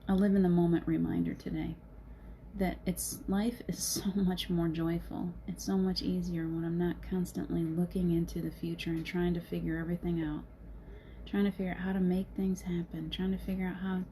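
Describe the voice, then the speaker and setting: A middle-aged woman speaks in an earnest, encouraging way and laughs often. Her voice sits a little low and sounds mellow. A faint background noise runs under the recording. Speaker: host. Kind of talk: casual motivational talk.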